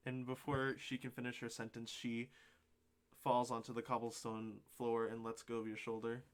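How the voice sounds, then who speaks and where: Male game master, mid-pitched, hesitant narration full of fillers. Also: completely flat delivery, moderate pace. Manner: hesitant, lots of ums and uhs.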